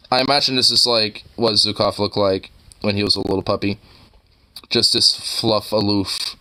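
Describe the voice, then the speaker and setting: A man muses aloud as he scrolls through online posts, drifting from topic to topic and swearing casually. His voice sits a bit low but comes across bright and forceful. He talks in loose, restarting sentences packed with fillers. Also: flat delivery, moderate pace. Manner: profane, rambling, full of fillers and restarts. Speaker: streamer browsing online posts. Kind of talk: casual rambling commentary.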